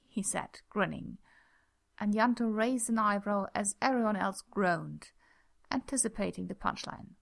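A woman reading a story aloud as narrator, in a calm, steady, soft-spoken way. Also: medium pitch, a little slow, vocal fry. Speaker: audiobook narrator.

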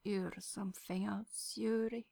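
A woman voicing a tipsy adult male skater with a Russian accent, speaking sincerely and murmuring softly. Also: mid-range voice, moderate pace, close to an everyday voice. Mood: drowsy.

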